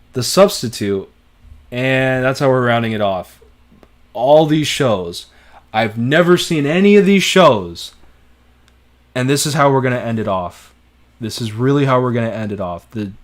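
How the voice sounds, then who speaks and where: A young man giving casual, off-the-cuff commentary on a live stream, swearing now and then and reacting with disbelief. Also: medium pitch.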